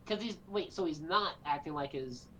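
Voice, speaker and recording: A man's voice: fairly high pitch, normal speed, pushed and bright, low-quality recording. A man talking as a guest on a podcast, hesitant and full of fillers and restarts in casual chat.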